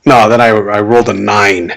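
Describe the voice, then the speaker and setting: A man's voice: fairly low pitch, normal speed, gravelly. Wry man playing a tabletop game. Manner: wry, deadpan in-character banter. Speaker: player.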